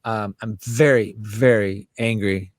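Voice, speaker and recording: A man's voice: on the low side, slow pace, no room sound, clean studio sound. A man from the United States, an interview guest, talking casually and with passion, swearing freely and acting out other people's voices. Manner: animated, profane, acts out voices of others. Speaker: guest, writer and musician. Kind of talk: casual impassioned interview talk.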